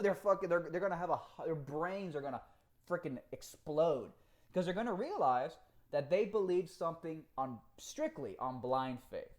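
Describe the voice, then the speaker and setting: A man chatting on a live stream, reading out comments and talking in an animated, profane way with frequent laughs. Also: fairly high pitch, moderate pace. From Cuba.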